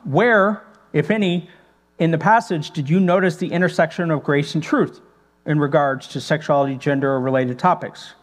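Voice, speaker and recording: Male pastor, slightly higher voice, relaxed teaching talk full of rhetorical questions, long hall reverb with mains hum. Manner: thinks aloud, rhetorical questions, frequent fillers.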